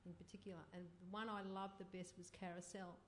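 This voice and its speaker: A woman in her sixties recalls her past for a festival audience. Her voice is lowish and quite flat, with little rise and fall. A faint hum of background noise sits under it. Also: brisk. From Australia. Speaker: playwright on a panel. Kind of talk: reminiscing on a festival panel.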